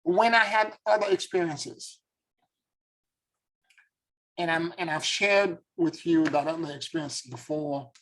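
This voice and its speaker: A man's voice: fairly high pitch, unhurried, long pauses, a bit bright, low-quality recording. A man, a spiritual teacher and former tarot reader, telling a story in an earnest, reflective and emotional way.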